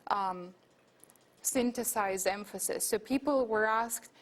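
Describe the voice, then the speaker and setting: A woman's voice: mid-range voice, takes it slowly. A woman giving an academic lecture, explaining her research in a thinking-aloud way with frequent fillers and restarts. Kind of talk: academic talk with slides. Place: lecture room.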